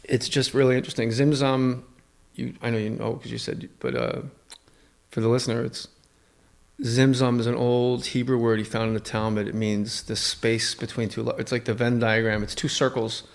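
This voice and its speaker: Gravelly man riffing in casual chat. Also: mid-range voice, fairly even intonation. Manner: rambling, jokey, acts out voices in quick asides. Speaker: podcast guest.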